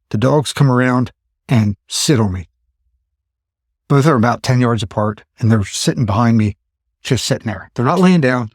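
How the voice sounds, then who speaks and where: Animated storytelling man in his fifties. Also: mid-range voice, husky, no echo, clean studio sound. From Pennsylvania. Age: 50s. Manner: animated, acts out his own thoughts in exclaimed asides. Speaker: podcast host. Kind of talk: casual storytelling chat.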